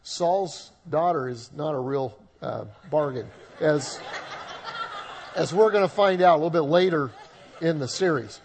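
A man's voice: fairly high pitch, a little slow, a little hiss or hum. A male pastor preaching a sermon in a conversational way with humorous asides.

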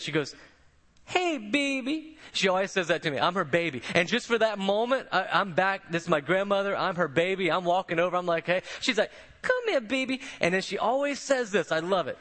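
A man's voice: high voice, fairly bright tone. A man preaching a sermon, telling stories in a conversational way and often repeating words as he goes. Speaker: pastor.

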